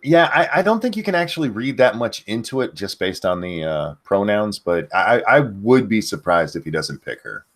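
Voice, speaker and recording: A man co-hosting a casual news podcast, talking in a low voice with lively, swinging intonation. He is laid-back and halting, with plenty of fillers and restarts. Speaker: podcast host.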